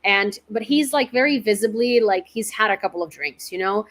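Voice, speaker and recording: A woman's voice: medium pitch, normal speed, a bit bright. A woman hosting a casual news commentary livestream, talking informally with many fillers. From Ukraine. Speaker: independent reporter and host.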